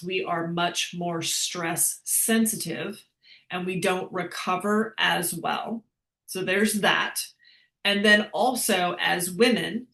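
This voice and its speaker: A woman fitness coach talks her class through a question in a chatty, upbeat way, laughing now and then as she explains. Her voice is bright and forward. The sound carries a roomy echo. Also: lowish voice. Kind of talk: live online fitness class with Q&A.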